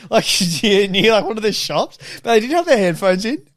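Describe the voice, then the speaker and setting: A man's voice: high-pitched, big pitch swings, fairly quick, no room sound, clean studio sound. A young man co-hosting a podcast, swearing freely and acting out the people in his car stories. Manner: sweary, acts out voices in anecdotes. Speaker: podcast co-host. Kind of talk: casual podcast banter.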